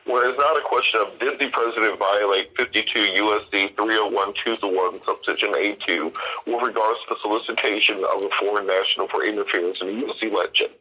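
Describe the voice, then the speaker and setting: A man's voice: fairly low pitch, sharp tone, low-quality recording. A man, an attorney guest, giving precise legal commentary. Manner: precise, cites legal codes.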